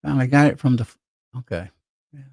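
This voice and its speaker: A man's voice: mid-range voice, fast talker, gravelly, a little mellow, no echo. A man hosting a casual live stream, rambling and reading viewer comments aloud with lots of restarts.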